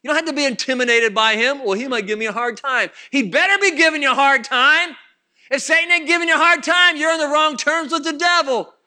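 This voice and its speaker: A male preacher with a very high, piercing voice delivers a fervent sermon. He talks straight to the congregation and circles back over his points again and again. His tone stays tense and sharp throughout. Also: brisk.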